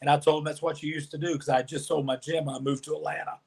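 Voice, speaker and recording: A man's voice: fairly high pitch, quick pace, vocal fry, breathy edge. A middle-aged man, an interview guest and former wrestler, telling long stories and acting out what others said. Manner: animated storyteller, acts out quoted dialogue. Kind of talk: storytelling interview.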